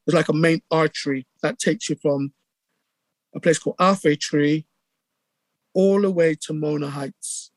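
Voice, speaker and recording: A middle-aged man with a Bristol accent, telling stories in a casual interview with lively acted-out quotes and many restarts. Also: on the high side, a little slow, pauses often, no room sound. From England. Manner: animated storyteller, acts out quotes, many restarts. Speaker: radio DJ guest.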